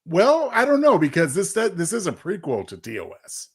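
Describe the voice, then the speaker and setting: A man co-hosting a casual review show, lively and quick to laugh. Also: sits high, slightly rough. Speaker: podcast co-host.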